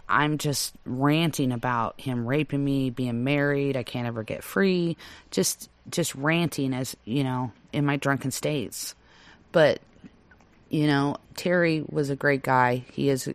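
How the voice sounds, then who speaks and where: A woman recounting her life in an interview, halting and restarting often and stretching out key words. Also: rumbling low, dry recording. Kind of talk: personal testimony.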